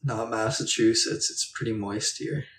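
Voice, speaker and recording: A man's voice: lowish voice, normal speed, a bit bright, a little hiss or hum. A man streaming live, rambling in a laid-back, jokey way while chatting and reading viewer comments. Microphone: distant from the mic. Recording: echoey room, distant mic.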